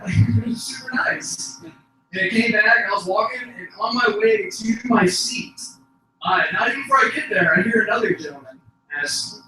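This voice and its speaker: A young man tells rambling stand-up stories at an open mic, now and then erupting into shouts and laughing at his own jokes. His voice sits high and sharp. It was recorded from far off in a very echoey venue. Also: normal speed, slight background noise. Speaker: stand-up comedian. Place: small comedy venue.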